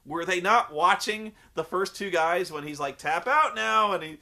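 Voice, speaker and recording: A man's voice: a little high, moderate pace, bright, forceful tone. A young man recapping a wrestling show in a sarcastic, profane, rambling comedic commentary.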